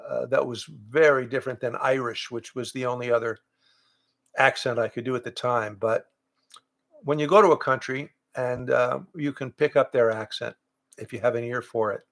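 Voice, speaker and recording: An older man, a voice actor and improv teacher, chatting casually with fans on a livestream from home, reading out their questions and answering in a relaxed, rambling way. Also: mid-range voice, moderate pace, vocal fry. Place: home, in front of pictures on the wall. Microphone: livestream webcam setup.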